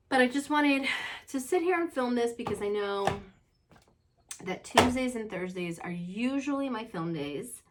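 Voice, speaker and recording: A young woman talking casually to camera from a room at home, chatty and rambling with lots of fillers. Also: medium pitch. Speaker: vlogger.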